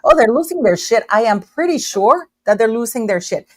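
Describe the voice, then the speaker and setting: Loud, emphatic woman hosting a live chat. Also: fairly high pitch, expressive, brisk, dry recording. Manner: talkative, emphatic, speaks loudly on purpose. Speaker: livestream host. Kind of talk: casual live chat commentary.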